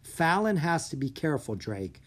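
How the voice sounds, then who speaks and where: A storybook narrator voicing a calm, clever young girl. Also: medium pitch, moderate pace. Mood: earnest. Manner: urgent when warning.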